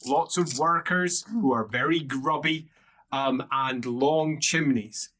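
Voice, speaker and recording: A man narrating a tabletop role-playing game as game master, describing scenes in an unhurried way. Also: medium pitch, fairly bright tone.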